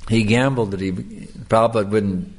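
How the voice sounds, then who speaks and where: A man's voice: fairly low pitch, normal speed. Older man giving an earnest sermon. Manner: earnest, storytelling, repeats himself with restarts. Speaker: devotional speaker. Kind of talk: sermon with personal stories.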